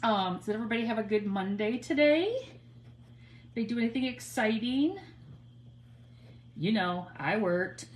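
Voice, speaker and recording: A woman's voice: a little high, unhurried, long pauses. Chatty woman crafting in a roomy room. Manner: chatty, rambling, greets viewers by name. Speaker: craft livestream host. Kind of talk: casual crafting livestream chat. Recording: roomy home recording with faint ambience.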